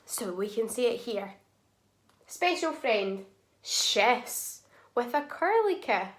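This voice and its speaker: A woman teaching a phonics lesson to young children, sounding out words slowly and clearly and praising often. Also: a little high, sing-song.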